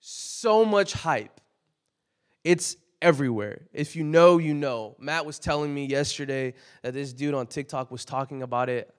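A young man preaching a casual, conversational sermon, full of "like" fillers, that builds to loud emphatic peaks. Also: medium pitch, steady tone, moderate pace, hardly any pauses, smooth.

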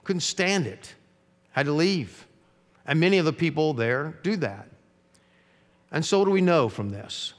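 A middle-aged male pastor preaching a sermon, with emphatic rises and quiet, dropped phrase endings. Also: fairly high pitch, animated, a little slow, long pauses. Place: church sanctuary. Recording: long reverb of a church sanctuary.

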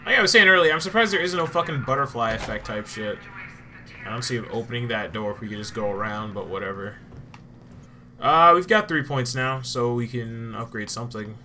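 Bright-voiced young man swearing at a game. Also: mid-range voice, lively intonation, brisk, a little hiss or hum. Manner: swearing, joking, easily startled. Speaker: gamer. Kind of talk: casual gameplay commentary.

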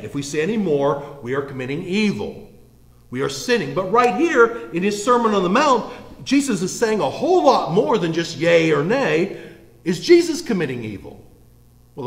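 A male pastor preaching a sermon in a church, conversational and playful, with frequent teasing asides. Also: a little high. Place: church sanctuary. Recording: echoey church room.

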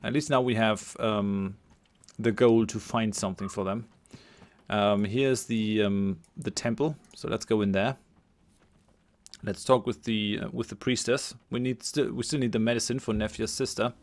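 A man's voice: fairly low pitch, fairly even intonation, normal speed. A man hosting a let's play, thinking aloud as he plays and reads game text aloud. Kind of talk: gameplay commentary.

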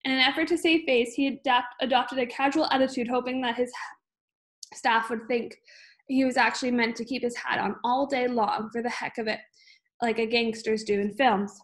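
A woman reading a children's book aloud at an unhurried pace, with frequent small slips and restarts. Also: a little high, steady tone. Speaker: reader.

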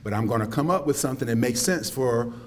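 Lively man giving a lecture. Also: medium pitch, fast. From South Carolina, US Southern. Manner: animated storytelling, shifts into quoted voices, folksy asides. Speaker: poet lecturing. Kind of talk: campus lecture with Q&A. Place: lecture hall.

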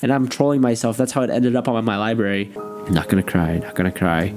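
A man's voice: mid-range voice, brisk, a little mellow, faint music behind. A young man commentating his gameplay in a playful, self-mocking way, exclaiming and laughing as he goes. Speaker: gaming YouTuber. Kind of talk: let's play commentary.

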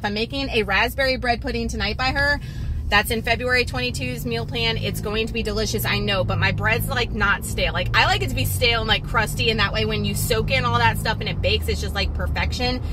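A woman's voice: fairly high pitch, background noise. A young woman vlogging casually and chattily, still catching her breath after a workout. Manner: chatty and animated, lots of fillers like "like". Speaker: fitness vlogger. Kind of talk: casual vlog talk. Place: resting in a massage chair.

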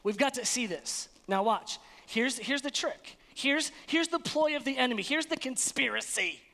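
A man preaching an energetic sermon as pastor, animated and playful, acting out little scenes. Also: very high-pitched, moderate pace. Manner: animated, playful, acts out voices. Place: church sanctuary. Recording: long hall reverb.

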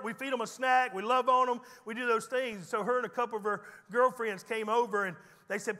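Pastor, high bright voice, folksy joking sermon, big hall reverb. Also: male voice, fairly even intonation, brisk, hardly any pauses. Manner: folksy storytelling preacher with teasing humor. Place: church sanctuary.

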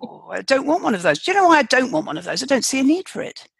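A woman's voice: sits high, big pitch swings, rapid-fire, vocal fry, slight background noise. A woman in her sixties co-hosting a podcast, teasing her partner with dry humour in casual chat. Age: 60s. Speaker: podcast co-host.

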